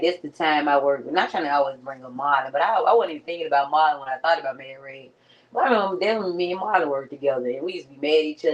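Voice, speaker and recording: A woman's voice: deep voice, highs cut off. A young woman vlogger giving a casual motivational talk at home, slangy and conversational, often calling her viewers friend. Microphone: streaming setup.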